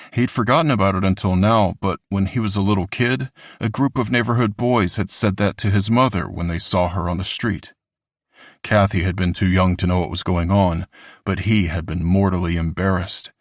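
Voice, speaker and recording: Deep-voiced male audiobook narrator. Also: no echo, studio quality. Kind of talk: scripted narration.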